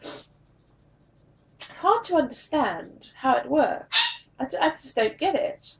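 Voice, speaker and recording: A tired, drained woman telling a personal story in a confessional vlog, halting and repeating her words. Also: sits high, lively intonation, vocal fry, fairly bright tone, recorded from a distance, rough recording. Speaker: vlogger.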